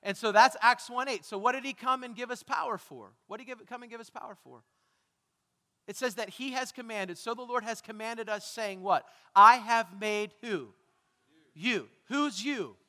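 A man preaches into a microphone in a church sanctuary, his voice pitched very high and bright. He quizzes the congregation and erupts into dramatic shouts. Long reverb from the hall trails his words. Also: moderate pace. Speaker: pastor. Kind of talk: sermon. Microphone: handheld or stage microphone.

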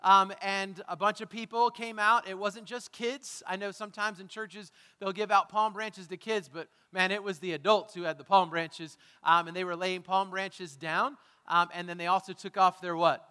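A man's voice: high-pitched, steady tone, moderate pace, hardly any pauses, bright, forceful tone, clean tone, in a large hall. A man preaching a sermon as pastor, talking conversationally, asking the congregation questions and making self-deprecating asides. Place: church sanctuary.

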